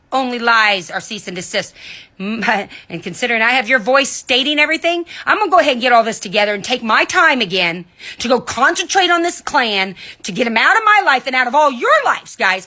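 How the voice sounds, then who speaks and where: A woman delivering a heated, indignant monologue, cussing and swinging between loud outbursts and low muttering, recorded at home in bed. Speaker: vlogger. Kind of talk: angry ranting monologue.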